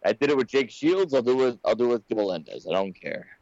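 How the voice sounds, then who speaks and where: A man's voice: medium pitch, fast, no echo. Rambling man on a dull, dry podcast line. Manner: rambling, restarts often, animated storytelling. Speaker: podcast co-host. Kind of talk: casual chat. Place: home.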